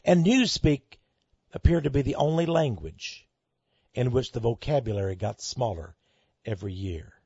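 A man preaching a sermon to listeners he calls friends, swinging between loud outbursts and hushed asides. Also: medium pitch, lively intonation, normal speed, breathy edge, no echo. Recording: dull lo-fi recording.

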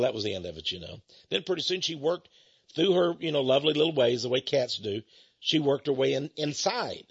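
A man hosts a radio show in a rambling, teasing, folksy way, often chuckling. His voice is gravelly and a bit husky. The studio sound is dry and slightly dull. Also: medium pitch, a bit bright, dry recording.

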